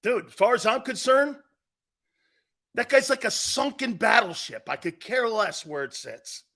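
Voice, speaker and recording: A man's voice: extremely high pitch, expressive, measured pace, bright, forceful tone. A man hosting a sports talk show, ranting bluntly and combatively, mocking other people's views with imitations. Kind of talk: opinionated sports radio rant.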